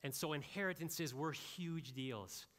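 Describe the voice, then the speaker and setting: A man preaching in a bright, forceful voice, a little higher than most men's. His delivery is animated and conversational, full of asides to the congregation. The sound carries a long hall reverb. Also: unhurried. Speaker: pastor. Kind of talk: sermon.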